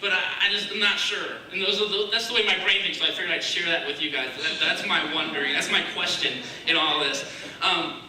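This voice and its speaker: High, sharp-toned man preaching in echoey hall. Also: steady tone, brisk. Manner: casual and searching, acts out prayers in a hushed voice. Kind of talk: conversational sermon. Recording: echoey room, mic far off, faint hiss.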